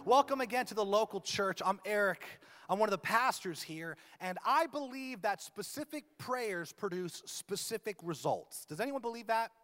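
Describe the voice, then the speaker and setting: A man's voice: high-pitched, animated, normal speed, hardly any pauses, bright, forceful tone. A man in his thirties, a pastor, preaching a sermon in a church with a humorous, self-deprecating manner. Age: 30s. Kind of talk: sermon with opening prayer. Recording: long reverb of a large church hall.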